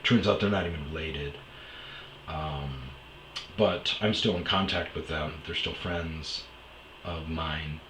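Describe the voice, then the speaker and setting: A man's voice: rumbling low, steady tone, takes it slowly, pushed and bright, reverberant, a little hiss or hum, poor audio. A man from Wisconsin telling a personal story as a podcast host, blunt, candid and profane. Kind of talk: storytelling monologue.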